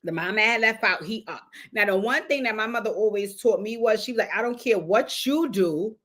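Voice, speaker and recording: A woman hosting a casual livestream, telling a loud, profane, animated story to her viewers. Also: mid-range voice, a little fast. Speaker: show host.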